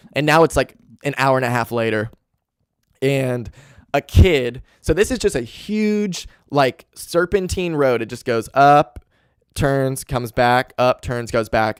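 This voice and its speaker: A young man hosting a podcast, telling a long profane story in a rambling, animated way full of "like". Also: mid-range voice, clean tone, dry recording, studio quality. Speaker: podcast host. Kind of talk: casual storytelling. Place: home room.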